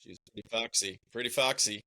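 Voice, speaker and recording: A man's voice: on the low side, fairly quick, sharp tone. A man co-hosting a movie podcast who drops short, dry interjections into the chat. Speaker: podcast co-host.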